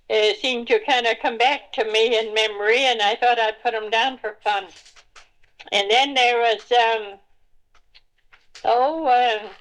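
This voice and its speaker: An older woman reminiscing in a home recording, unhurried and searching for words with many pauses as she explains old songs with homely humor. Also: a little high, a bit bright, rough recording.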